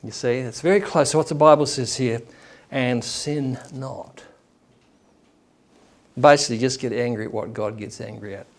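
A man's voice: medium pitch, moderate pace, pauses often. A man preaching a sermon in a conversational way, acting out the people he quotes.

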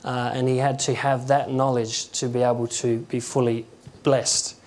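A man giving an informal sermon in a halting, conversational way, often restarting his words and acting out quotes. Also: mid-range voice, little pitch movement, darkish tone. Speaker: preacher.

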